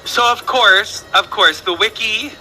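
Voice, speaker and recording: A man's voice: high voice, measured pace, sharp tone, soft background music, poor audio. A man hosting a casual trivia quiz stream, chatty and rambling, often restarting his sentences. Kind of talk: casual livestream chat.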